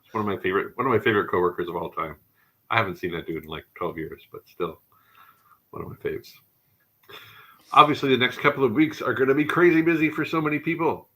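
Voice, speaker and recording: On a casual tech livestream, a male host speaks quickly in a bright, forward voice, somewhat low with a husky edge. He's genuinely enthusiastic and keeps wandering into rambling asides, and the audio quality is poor.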